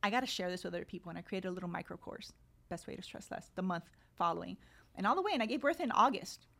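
A woman's voice: fairly low pitch, lively intonation, quick pace, gravelly, sharp tone. A woman in her thirties, a coach and podcast guest, telling her story in a casual interview and acting out her own inner thoughts.

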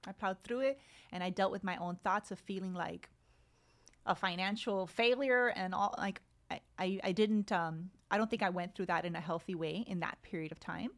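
Thirties woman, podcast guest; casual, expressive storytelling with voiced-out thoughts. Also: mid-range voice, normal speed. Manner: expressive, acts out her inner thoughts. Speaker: kindness coach and podcast guest.

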